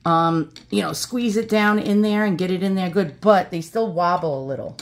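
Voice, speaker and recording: A woman's voice: on the low side, moderate pace. Chatty New York woman reviewing a gadget. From Brooklyn, New York. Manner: chatty, blunt, many fillers. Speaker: product reviewer. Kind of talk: casual unboxing review.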